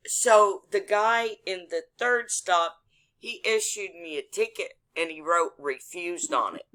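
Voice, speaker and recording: A woman's voice: fairly low pitch, slow pace, bright, forceful tone, low-quality recording. A woman from Texas, a caller telling her story in casual chat, blunt and indignant, with a bit of cursing. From Texas, USA.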